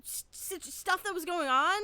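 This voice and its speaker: High, bright-voiced woman rambling through a story. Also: measured pace, no room sound. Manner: rambling anecdote with frequent swearing and restarts. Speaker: podcast co-host. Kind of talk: casual chat.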